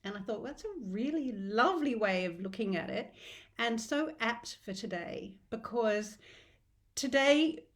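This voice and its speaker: A woman's voice: on the high side, expressive, unhurried. Heartfelt middle-aged Australian woman. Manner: heartfelt and encouraging, with rambling restarts. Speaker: host of a diet group. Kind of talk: casual live video talk.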